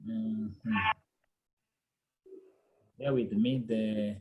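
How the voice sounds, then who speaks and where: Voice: mid-range voice, fairly even intonation, drawn-out words, phone-quality sound. A language teacher giving a pronunciation lesson, quizzing the class, repeating words patiently and checking in with "okay?" and "eh?".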